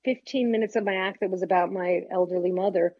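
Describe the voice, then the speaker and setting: A woman's voice: mid-range voice, fairly even intonation, quick pace. An older woman stand-up comic trading brash stories and punchlines in a casual interview. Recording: dull lo-fi sound.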